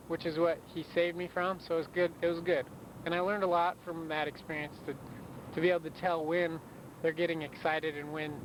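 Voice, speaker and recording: A young man missionary recording a rambling, casual audio letter, telling a story with lots of fillers. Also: on the high side. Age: young adult. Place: in a moving car. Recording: noisy car recording.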